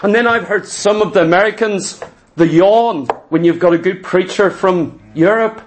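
A male pastor delivers a sermon in a strikingly high voice. He talks in an emphatic, conversational way and keeps throwing rhetorical questions at his listeners. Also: moderate pace, slight background noise.

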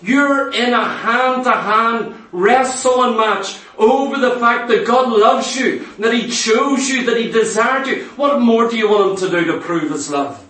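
High-voiced preacher in an echoey hall. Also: male voice, measured pace, few pauses, pushed and bright. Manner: emphatic, with rhetorical questions to the congregation. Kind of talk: sermon. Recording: echoey hall, mic far off.

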